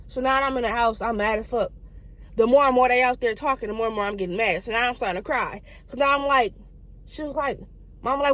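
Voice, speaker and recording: A young woman tells a storytime at a rapid clip. Her voice sits a little high, and she swears freely and jumps into the voices of the people in her story. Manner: fast, profane, animated storytelling with quoted voices. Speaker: vlogger. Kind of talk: casual storytime.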